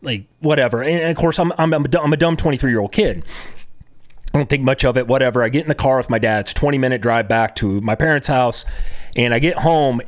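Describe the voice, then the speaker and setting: Brief: guy, rambling storyteller, mid-pitched, dry room. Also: no room sound. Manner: rambling, repeats words, many fillers. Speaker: cancer survivor telling his story. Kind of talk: casual storytelling to viewers.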